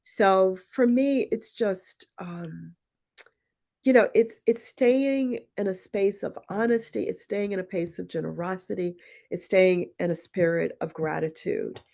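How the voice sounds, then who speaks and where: At a medium pitch and a slightly slow pace, her voice sounds creaky and a little mellow. She's a poet and retreat founder guesting on a podcast, telling personal stories reflectively and acting out the dialogue in them.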